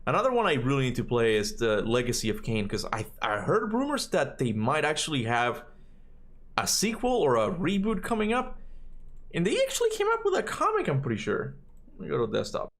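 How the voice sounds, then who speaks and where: Brisk and a bit bright, this mid-range male voice swings widely in pitch. The speaker is a thirty-something non-native English speaker chatting loosely on a livestream, rambling, tacking "right?" onto his points, with his voice cracking from time to time.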